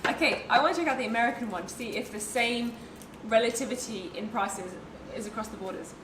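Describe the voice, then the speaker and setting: A woman's voice: a little high, quick pace, a bit bright. A woman co-hosting a casual unboxing chat, chatty and playful. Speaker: co-host. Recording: echoey room, mic at a distance, noisy.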